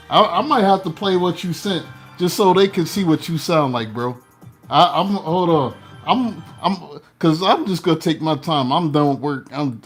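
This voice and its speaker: Male tarot host, relaxed and slangy, slightly raised voice, soft music bed. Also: fairly high pitch. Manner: laid-back, slangy, talkative. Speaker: tarot reader and channel host. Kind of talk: casual chat and spoken blessing.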